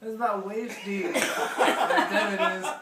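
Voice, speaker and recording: A man's voice: high voice, unhurried, over a noisy crowd. A man telling a story casually in an easygoing way, chuckling as he goes. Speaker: interviewee. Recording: echoey room, from a distance.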